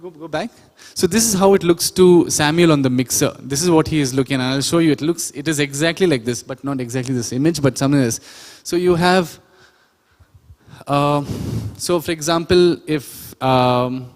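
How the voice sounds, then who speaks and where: Chatty instructor, echoey hall. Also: male voice, a little high, normal speed, a little mellow. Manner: chatty, often quizzes the audience. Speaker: sound production instructor. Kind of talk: classroom lecture. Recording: reverberant lecture hall.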